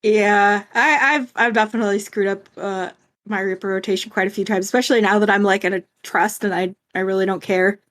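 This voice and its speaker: A woman co-hosting a game podcast in casual chat, animated and quick to swear and laugh. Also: mid-range voice. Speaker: podcast co-host.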